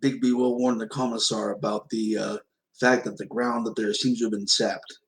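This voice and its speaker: A man's voice: on the low side, flat delivery, normal speed. A man describing his character's actions in a matter-of-fact way. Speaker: player. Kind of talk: in-character narration.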